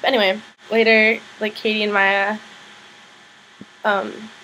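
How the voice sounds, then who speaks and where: A woman's voice: mid-range voice, little pitch movement, a little slow, sharp tone, slight background noise, poor audio. A woman casually recapping a TV episode, rambling with lots of fillers and blunt opinionated asides. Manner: rambling, filler-heavy, chatty.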